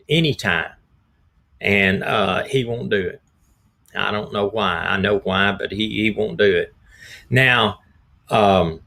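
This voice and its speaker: A middle-aged man, slightly hoarse, hosting a rambling, folksy live stream as a retired detective. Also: on the low side, sharp tone. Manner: folksy, rambling, repeats himself. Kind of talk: casual live-stream talk.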